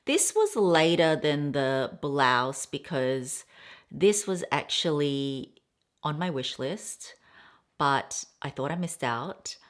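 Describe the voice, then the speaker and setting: A woman's voice: low-pitched, expressive, slow pace. A woman in her thirties chatting casually as a vlogger, rambling and telling a story while unboxing. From Australia. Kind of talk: casual haul chat.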